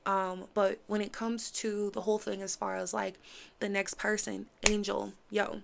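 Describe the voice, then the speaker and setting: A woman reviewing a series in casual chat, animated, acting out characters' lines as she recaps. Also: mid-range voice, moderate pace, gravelly. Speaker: show reviewer.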